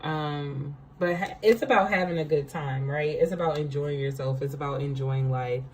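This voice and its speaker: A woman's voice: low voice, normal speed, a little mellow, a little hiss or hum, rough recording. A woman giving a casual spiritual card reading, chatty, laughing often and checking in with her listeners.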